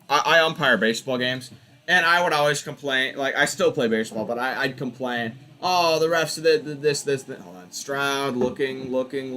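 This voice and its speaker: A young man with a mid-range voice and a faint hiss or hum in the audio hosts a football watch party. He gives casual live commentary, ranting animatedly and in exasperation at the referees.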